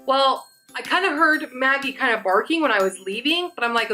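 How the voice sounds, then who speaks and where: A woman's voice: high-pitched, lively intonation, fairly quick, bright, forceful tone, faint music behind. A young woman vlogger chatting through a storytime, rambling and restarting her sentences as she goes. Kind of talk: casual storytime.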